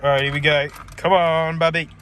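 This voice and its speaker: An Australian man chatting on location for his vlog, excitable and urging, saying "mate" a lot. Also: on the high side, fairly quick, noisy background.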